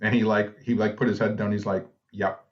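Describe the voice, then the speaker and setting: A man's voice: on the low side, flat delivery, a little fast, lo-fi sound. A man co-hosting a podcast, telling stories in laid-back casual chat and laughing at himself. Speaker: podcast co-host.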